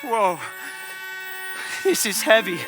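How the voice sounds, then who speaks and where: A man's voice: high-pitched, big pitch swings, takes it slowly, fairly bright tone, slight background noise, full character voice. An actor playing a nervy teenage boy who travels in time, in a stage musical, with a jittery, startled delivery.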